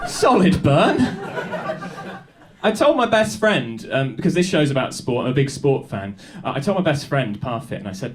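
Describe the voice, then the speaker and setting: A young man doing high-energy stand-up comedy in a small club, chatting with the crowd and laughing often. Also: very animated, measured pace, pauses often, slight background noise. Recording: live club recording with audience. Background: audience laughing and applauding.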